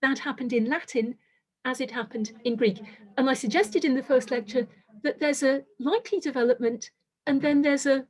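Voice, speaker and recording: A woman lecturer giving a measured, precise academic lecture, carefully qualifying each point. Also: high-pitched, a little mellow.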